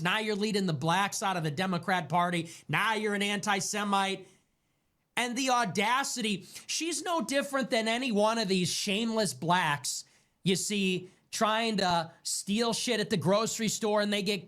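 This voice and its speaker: A man with a notably high speaking voice rants on a livestream. He is angry and scornful, and he repeats short phrases to drive them in. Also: a bit bright. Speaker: livestream host. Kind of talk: ranting livestream commentary. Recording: played back as a stream clip.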